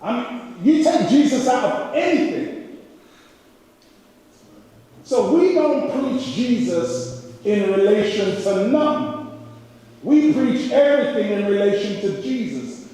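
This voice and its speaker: A pastor with a Jamaican accent preaches an impassioned sermon in a high, mellow, very animated voice, speaking slowly and pausing often. He builds his points through repeated rhetorical questions, recorded from a distance in an echoey hall.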